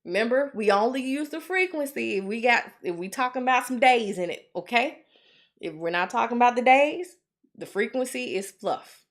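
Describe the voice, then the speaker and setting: A woman with a Southern American accent tutoring nursing students through dosage calculations, in a lively, chatty and encouraging way that keeps checking in with her listeners. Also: on the high side, normal speed. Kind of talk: live tutoring walkthrough.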